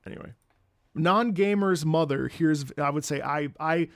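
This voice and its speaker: A man's voice: fairly high pitch, moderate pace, dry recording, clean studio sound. A man chatting casually on his stream, rambling, repeating words and swearing.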